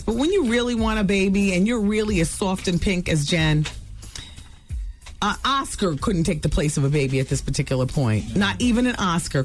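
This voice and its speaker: A woman radio host chatting casually through celebrity gossip, full of asides and self-corrections, in a studio. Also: fairly low pitch.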